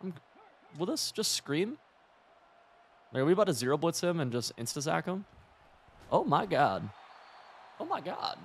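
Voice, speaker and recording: A young man giving loose, excitable commentary while playing a football video game, chatty and profane, laughing often. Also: fairly high pitch, moderate pace, long pauses, slightly rough. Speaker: gaming streamer. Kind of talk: live gameplay commentary.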